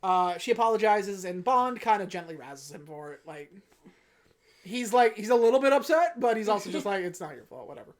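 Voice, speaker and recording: A woman's voice: mid-range voice, animated, fairly quick. A woman podcast host in casual chat, recapping a film in a laid-back, profane storytelling way with wry asides.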